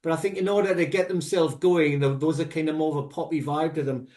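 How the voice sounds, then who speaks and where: A man co-hosting a casual music podcast, giving long, rambling, animated explanations full of asides. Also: on the high side, fast talker. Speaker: podcast co-host. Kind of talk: casual music review chat.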